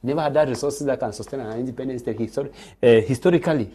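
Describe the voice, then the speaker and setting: Fast-talking man debating. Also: medium pitch, mellow, husky. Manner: emphatic, repeats words and restarts when pressed. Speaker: panelist. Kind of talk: live TV panel debate.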